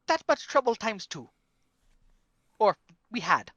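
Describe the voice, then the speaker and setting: A woman's voice: medium pitch, sing-song, unhurried, a bit bright, no echo, lo-fi sound. A woman playing a tabletop role-playing game, with a playful, sarcastic manner. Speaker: player. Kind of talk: tabletop role-play chat.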